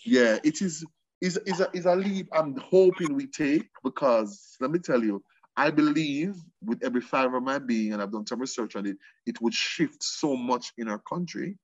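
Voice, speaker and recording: Emphatic Jamaican man, lively husky voice. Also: medium pitch, moderate pace, dry recording, lo-fi sound. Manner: emphatic, mixes patois with English. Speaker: guest. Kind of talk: passionate conversational interview.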